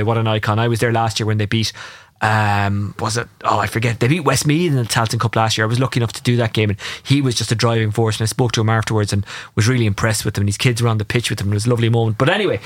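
An Irish man co-hosting a radio sports show, telling animated anecdotes with quoted dialogue. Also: mid-range voice. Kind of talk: casual radio chat, storytelling.

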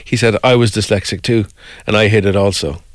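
A man's voice: on the low side, brisk, dry recording, studio quality. A middle-aged man telling a personal story in a casual chat. He rambles and keeps adding "right?" and "like" as he goes. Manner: rambling, animated, repeats "right?" and "like". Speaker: guest.

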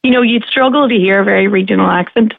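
A woman's voice: medium pitch, quick pace, gravelly, no echo. A forthright woman with a Northern Irish accent speaks earnestly, her voice tinny as it comes down a phone line. The sound is dry, with no room around it. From Derry, Northern Ireland. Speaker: caller. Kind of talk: radio phone-in chat.

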